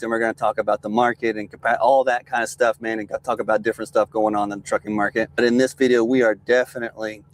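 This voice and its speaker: Young adult trucker, easygoing vlog host, animated storyteller with an average-pitched voice. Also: male voice. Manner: animated, laughing, says man and dude a lot. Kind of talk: casual storytelling to camera.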